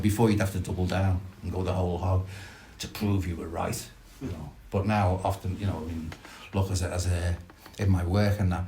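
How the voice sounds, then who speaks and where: A middle-aged man, sharing reflectively and haltingly at a recovery meeting, with many restarts. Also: low voice, a little mellow, slight background noise. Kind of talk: personal sharing at a support meeting.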